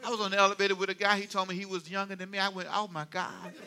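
An older man delivers a sermon with a high, bright voice that cuts through. He is animated and humorous, telling stories and dropping suddenly to quiet asides. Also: racing. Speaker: pastor.

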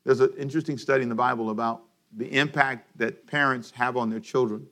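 Bright-voiced preacher calling for responses. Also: male voice, mid-range voice, fairly quick. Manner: animated, calls the congregation to repeat after him. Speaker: pastor. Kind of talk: radio sermon.

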